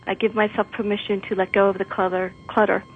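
A woman from New Jersey calling into a radio show, speaking hesitantly with many pauses. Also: mid-range voice, level tone, a little hiss or hum. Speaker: caller. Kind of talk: call-in on the radio. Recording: tinny phone line.

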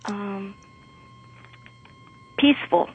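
A woman from New Jersey calling into a radio show, speaking hesitantly with many pauses. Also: medium pitch, lively intonation, slightly rough. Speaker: caller. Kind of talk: call-in on the radio. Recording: tinny phone line.

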